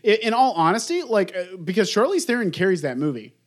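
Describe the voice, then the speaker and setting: A man's voice: high voice, very animated, fast. A man chatting casually about films, rambling with many filler words. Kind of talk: casual film discussion.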